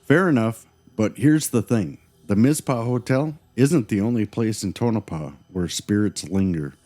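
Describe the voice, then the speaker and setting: A man with a fairly low, warm voice speaks at a normal speed as co-host of a scripted paranormal podcast. He tells eerie stories in a dramatic, teasing way.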